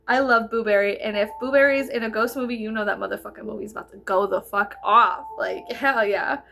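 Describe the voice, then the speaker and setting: A woman in her thirties chatting casually while doing her makeup, animated and laughing, swearing freely as she tells stories. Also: medium pitch, fairly quick, creaky, few pauses. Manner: animated, swearing, giggly storyteller. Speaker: vlogger. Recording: music playing behind.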